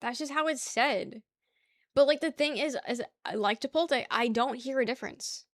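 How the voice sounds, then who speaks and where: Reading chat aloud and laughing often, a young New York-area woman rambles casually through her stream. Her voice sits high and moves at normal speed, captured in a dry, studio-quality recording.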